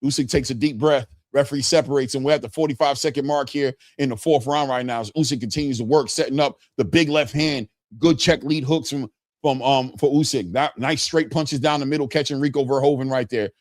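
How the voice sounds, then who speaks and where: A man calling a fight live for a watch-party stream, his voice jumping up in excitable bursts as punches land. He sits close to a dry, dead-sounding mic, with no room echo at all. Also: mid-range voice. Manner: excitable, talks in quick bursts. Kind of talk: live play-by-play commentary.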